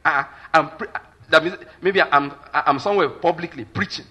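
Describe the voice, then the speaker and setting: A male pastor with a Nigerian accent preaches at normal speed in a husky, forceful voice pitched a little higher than most men's. He's emphatic, tosses in Pidgin asides, and repeatedly asks if his listeners are following.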